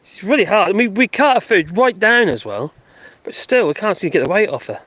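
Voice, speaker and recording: A host rambles through a casual live stream outdoors in a garden. The voice swings widely in pitch and laughs often. The sound is dry, with little room around it. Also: very animated, a little fast, fairly bright tone, no room sound. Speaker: livestream host.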